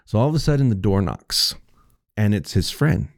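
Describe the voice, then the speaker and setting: A man's voice: fairly low pitch, very animated, normal speed, creaky, no room sound, clean studio sound. A man on a podcast telling a rambling, profane story in casual chat and acting out what each person said. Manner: rambling, profane, acts out quotes. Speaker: podcast co-host.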